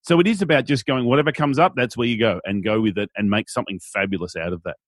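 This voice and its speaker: Lively Australian man, husky voice. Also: medium pitch, fast, dry recording, studio quality. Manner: animated, playful, acts out quotes in silly voices. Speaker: guest, event MC. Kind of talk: conversational interview.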